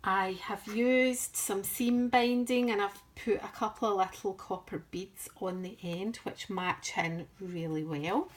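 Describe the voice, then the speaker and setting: A woman from the United Kingdom talks through her craft work at an unhurried, easy pace. Her voice sits in a middle pitch, and she rambles a little and pokes fun at her own skills as she goes. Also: fairly even intonation. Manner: chatty and rambling, self-deprecating. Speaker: craft vlogger. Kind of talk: casual craft show-and-tell.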